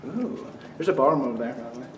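A woman's voice: rumbling low, animated, very fast, distant mic. A young woman joking and laughing with her friend as they explore a hotel. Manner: playful, joking, laughs easily. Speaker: friend of the vlogger. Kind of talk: casual chat. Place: indoors in a hotel. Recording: roomy sound, off-mic and noisy.

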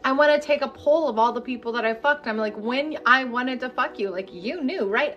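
A woman energy healing coach leading a live-streamed session, talking candidly and bluntly, then turning to slow, repeated guided affirmations. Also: high voice, fairly bright tone, lo-fi sound, soft background music. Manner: candid, chatty and profane, then slow incantatory guidance.

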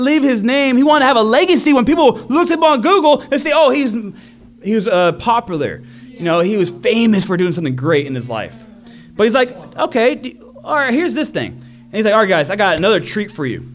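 High-pitched guy preaching, lively storyteller voice, faint music in the back. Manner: energetic storytelling, acts out crowd voices. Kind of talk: sermon.

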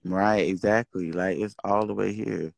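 A man's voice: on the low side, fairly even intonation, measured pace, creaky, dry recording. A man venting and swearing on a casual livestream. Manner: venting, exasperated, swears freely. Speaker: social media host. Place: indoors, livestream.

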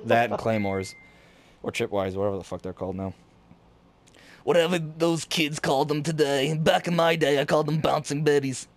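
A man chatting loudly with friends while playing an online shooter, excitable and swearing freely. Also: on the high side, normal speed, pauses often. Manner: loud, excitable, swears a lot. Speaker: gamer recording party chat. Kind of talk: casual gaming banter.

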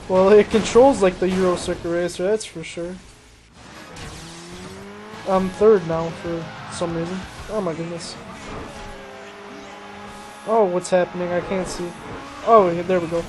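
A young man with a high-sitting voice commentates his racing game playthrough in a casual let's-play, rambling unhurriedly with long pauses. He jokes about himself and exclaims easily at the action. Racing game music and engine and car noise play behind him, and the recording is rough.

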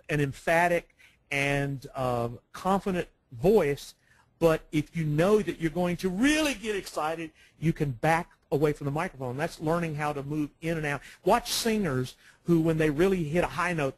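A man co-presenting a webinar, a former broadcaster who explains microphone technique and often pauses on "uh.". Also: a little high, dry recording, rough recording. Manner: speaks with many "uh" fillers and restarts. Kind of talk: instructional webinar talk. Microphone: professional microphone, close.

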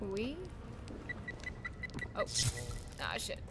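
A woman streamer casually talking through a horror game, often swearing and shouting in panic when chased. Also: drawn-out words, heavy background noise. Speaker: gaming streamer.

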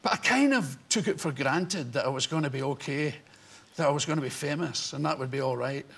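Scottish man, 60s, high and husky voice, bright tone, comic chat-show storyteller, audience laughter behind. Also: a little fast. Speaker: talk show guest.

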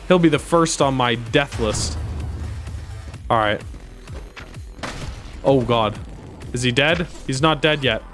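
A young man streaming a game live, commenting excitedly and yelping and shouting when things go wrong. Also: mid-range voice.

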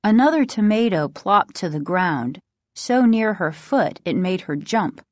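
Slow, suspenseful woman storybook narrator. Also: mid-range voice, sing-song, darkish tone, dry recording. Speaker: audiobook narrator.

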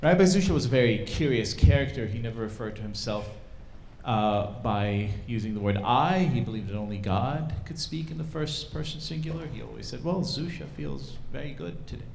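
A man giving a storytelling talk to a live audience at a cultural event, animated and casual, with fillers. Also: mid-range voice, fairly quick, vocal fry, slight background noise. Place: event hall stage.

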